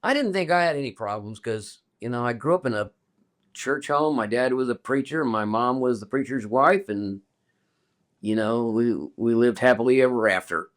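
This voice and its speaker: A man's voice: mid-range voice, normal speed. An older man talking casually as a guest, rambling and restarting his sentences as he tells stories. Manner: rambling, self-interrupting storyteller. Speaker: guest musician. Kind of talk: casual conversation.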